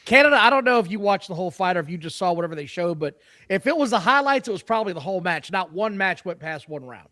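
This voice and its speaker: A man's voice: sits high, sing-song, quick pace, pushed and bright, dry recording. A man co-hosting a podcast in casual chat, joking and profane, laughing often. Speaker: podcast co-host.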